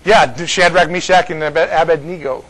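A man's voice: a little high, steady tone, moderate pace, fairly bright tone, low-quality recording. A man from California giving informal Bible teaching to a small group, joking and laughing often between his points.

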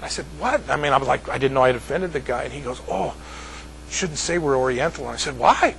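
A man's voice: mid-range voice, fast talker, vocal fry, a bit bright, slight background noise, low-quality recording. An older American man telling a rambling story to a group, repeating words and laughing at his own jokes. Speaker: speaker addressing a group. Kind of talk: casual storytelling.

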